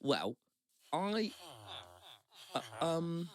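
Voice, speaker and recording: A young man spinning a long, self-deprecating anecdote on a chat podcast. His pitch leaps up and drops down as he goes, and he often stops and restarts mid-sentence. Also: very animated, extremely slow. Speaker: podcast co-host. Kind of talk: casual anecdotal storytelling. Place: Brighton.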